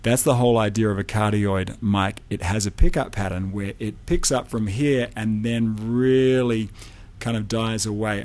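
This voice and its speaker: A man teaching audio recording in a relaxed, explanatory way, speaking into a studio condenser mic in a home studio. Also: fairly low pitch, vocal fry. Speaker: audio engineering instructor. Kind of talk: hands-on microphone demonstration. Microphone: large studio condenser mic up close.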